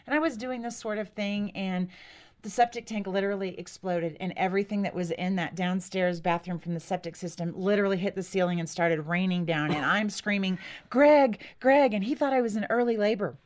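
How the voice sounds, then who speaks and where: A woman in her thirties, a guest author, telling personal stories in a lively conversational interview and acting out the lines she quotes. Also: medium pitch, a little fast. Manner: animated, acts out quoted lines.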